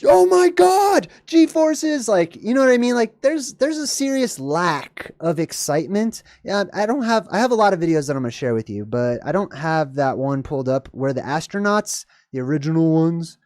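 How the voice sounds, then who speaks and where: A livestream host giving rambling, digressive reaction commentary, laughing often and jumping suddenly up in pitch. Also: very animated, a little fast, hardly any pauses, a little mellow, no echo.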